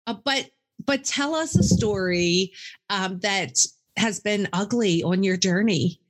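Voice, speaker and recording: A woman's voice: medium pitch, slow. A woman hosting an interview, asking for stories and reacting emphatically. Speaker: interview host. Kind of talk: casual interview chat.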